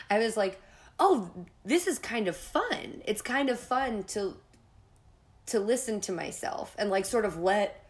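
Candid woman telling a story. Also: mid-range voice. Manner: candid, swears often, acts out her own panic in quotes. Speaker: podcast host. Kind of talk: casual storytelling monologue.

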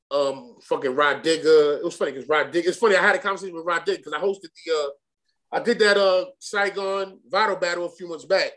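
A man's voice: fairly high pitch, fairly bright tone. A young man, telling a rambling, profane story as a guest in a casual interview, full of restarts and slang. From Brooklyn, New York. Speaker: guest rapper.

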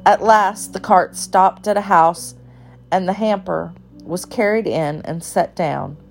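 Calm woman reading a children's story. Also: lowish voice, slow pace, vocal fry, faint music behind.

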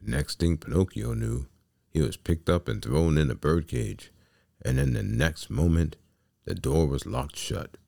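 A man hosting a podcast and reading a children's story aloud in a slow, deliberate way. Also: sits low, expressive, vocal fry, warm tone, no echo, clean studio sound.

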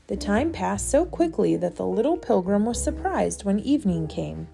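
A woman narrating a children's audiobook in a gentle, measured storytelling manner. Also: medium pitch, very animated, creaky. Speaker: audiobook reader.

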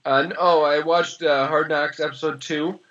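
A young man in his early twenties co-hosting a podcast, chatting casually and sarcastically about sports, rambling and quick to laugh. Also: fairly high pitch, fairly even intonation, fairly bright tone. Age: early 20s. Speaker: podcast co-host. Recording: slightly dull lo-fi sound.

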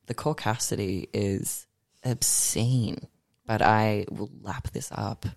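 A young man, chatting animatedly as a podcast guest, swearing freely and reading poems with slow force. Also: lowish voice, steady tone, gravelly, no room sound, studio quality. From Australia. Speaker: guest artist and poet. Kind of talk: casual podcast chat.

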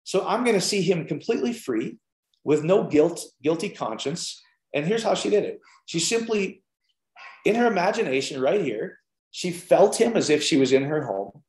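A man preaching an informal sermon, telling stories in an animated way with lots of fillers. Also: fairly high pitch, normal speed. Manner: animated storytelling with many fillers. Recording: roomy echo.

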